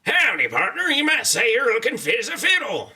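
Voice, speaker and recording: A man's voice: extremely high pitch, wildly swooping pitch, fairly quick, sharp tone, slightly rough, distant mic, voice pushed up, full character voice. A man doing a drawling, friendly robot cowboy. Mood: folksy, cheerful. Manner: drawling, homespun cowboy talk.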